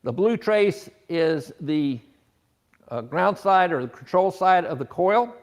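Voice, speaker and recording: A man's voice: high voice, lively intonation, slow pace. A man teaching an automotive technical seminar, explaining scope patterns with rhetorical questions and frequent restarts.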